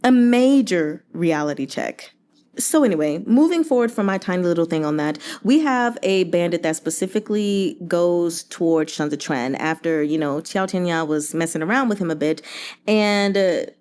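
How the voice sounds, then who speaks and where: A young woman chatting casually about a novel she is reading along, animated and sarcastic, with jokey voices for the characters. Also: lowish voice, moderate pace. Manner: animated, sarcastic asides and silly put-on voices. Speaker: book reviewer reading along.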